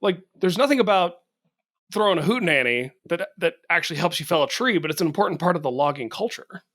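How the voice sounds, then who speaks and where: Man, podcast co-host, higher voice, playful rambling. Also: lively intonation, fast, a bit bright. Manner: rambling, playful storytelling with laughs. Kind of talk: casual podcast chat.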